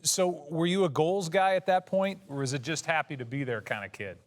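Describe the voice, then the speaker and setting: A man's voice: on the high side, fairly quick. A man hosting an interview, recapping his guest's career and asking questions in a conversational way. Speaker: interviewer, host.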